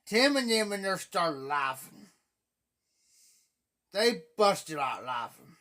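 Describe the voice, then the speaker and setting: A man with an Ohio accent telling rambling stories on a live stream, repeating himself and often clearing his throat. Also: high-pitched, sing-song, slow pace, pushed and bright. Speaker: livestream host. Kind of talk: casual storytelling chat. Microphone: phone or webcam on a live stream.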